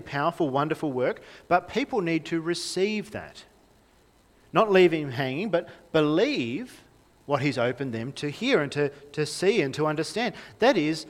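A man's voice: a little high, animated, normal speed. A young man preaching a sermon in a conversational way, often asking the congregation questions. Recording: reverberant hall.

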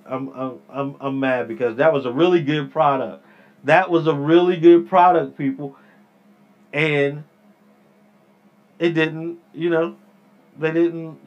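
Rambling man podcasting, slow and muffled. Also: on the high side, smooth. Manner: rambling, repeats himself, addresses listeners as people. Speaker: podcast host. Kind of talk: casual solo podcast rant. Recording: dull lo-fi sound.

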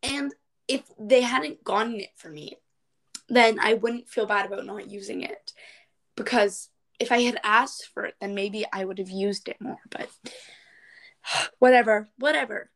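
A woman's voice: mid-range voice, unhurried, pauses often, fairly bright tone, low-quality recording. A woman co-hosting a casual podcast, chatting and reading astrology passages aloud over a remote call. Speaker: podcast co-host. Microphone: remote call recording.

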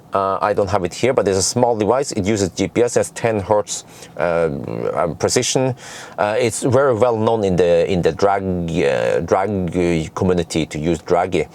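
In a casual explainer about car tests, a male car reviewer halts often, full of fillers and restarts in his non-native English. His voice is lowish and darkish, and he's digressive and chatty, laughing at his own jokes.

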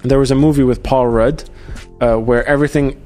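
Relaxed male podcast host. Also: medium pitch, a little fast. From Australia. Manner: relaxed, chatty, stumbles on restarts. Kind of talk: casual podcast chat. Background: faint music.

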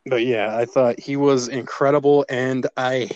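A man co-hosting a podcast, chatting casually about a movie, relaxed, laughing often and swearing now and then. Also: medium pitch, measured pace, dry recording, lo-fi sound. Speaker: podcast co-host. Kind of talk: casual movie review chat.

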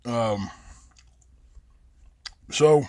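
A man's voice: medium pitch, very slow, a little mellow, no echo. A man with a Southern Appalachian accent, rambling and cussing freely as a podcast host, drawling and stretching his vowels into a close mic. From West Virginia. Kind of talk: casual profane monologue.

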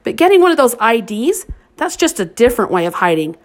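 A woman's voice: fairly high pitch, sing-song, brisk. A woman voicing a fierce, passionate teenage girl who speaks intensely and indignantly.

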